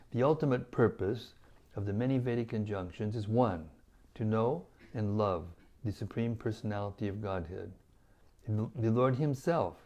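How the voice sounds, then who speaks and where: A man with a mellow, darker tone reads scripture aloud, taking it phrase by phrase at a measured pace. His pitch sits in the middle for a man, and the delivery stays careful and deliberate. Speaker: scripture reader. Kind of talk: reading scripture aloud to listeners.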